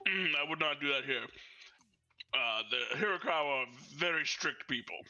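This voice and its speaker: A man's voice: on the high side, expressive, moderate pace, pushed and bright, faint music behind. A man playing in an online tabletop game, laid-back and joking as he speaks his moves. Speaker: player. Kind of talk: casual tabletop game play. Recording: dull lo-fi mic.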